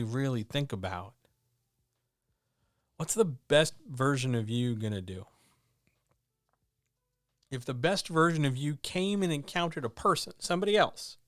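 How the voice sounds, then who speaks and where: A streamer host gives a blunt, earnest, candid motivational monologue into a microphone at home with his cats, swearing freely. His voice is medium-pitched and fairly bright, with clean studio sound and no room echo.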